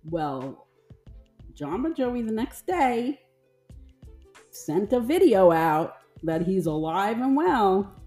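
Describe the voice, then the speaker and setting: A middle-aged woman co-hosting a casual chat show, telling a story in a lively way and acting out the voices of the people in it. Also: mid-range voice, takes it slowly, long pauses, faint music behind. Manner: animated storyteller, acts out quoted voices. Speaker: podcast co-host.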